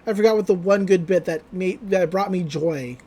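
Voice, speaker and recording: A woman's voice: fairly low pitch, moderate pace, mellow, slight background noise. A young woman co-hosting a podcast, chatting casually and rambling through an episode recap. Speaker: podcast co-host.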